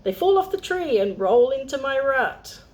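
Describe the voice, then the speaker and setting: A woman voicing a fast-talking, boastful male squirrel in a read-aloud storybook, chirpy and high. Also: very animated, a little mellow.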